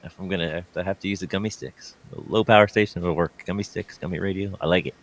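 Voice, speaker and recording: A man co-hosting a radio hobby podcast, reading event news in a halting way with many ums and uhs. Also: low voice, slight background noise. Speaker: co-host. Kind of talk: casual ham radio chat.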